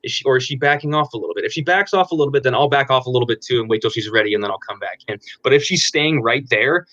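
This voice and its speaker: A man in his twenties answers interview questions about dating in a loose, frank way, full of "um" and restarts. His voice is bright and forward. The recording is dry and a bit dull, lo-fi. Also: medium pitch, racing, dry recording. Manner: frank, explanatory, many fillers and restarts. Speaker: dating coach guest.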